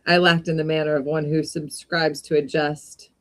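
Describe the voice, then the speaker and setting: A woman reading a classic short story aloud in an unhurried way, with brief casual asides. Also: low-pitched, flat delivery. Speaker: reader of short stories.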